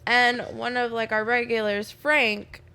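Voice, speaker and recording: Bright, high-voiced young woman telling a story. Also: level tone, a little slow, clean tone. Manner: rambling storyteller, acts out her own lines. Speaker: bartender guest. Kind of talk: casual chat.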